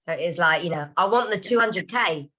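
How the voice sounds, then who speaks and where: A woman's voice: on the low side, expressive, fairly quick, bright, forceful tone, highs cut off. A woman on the team answering casually and agreeably during a video call. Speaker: team member.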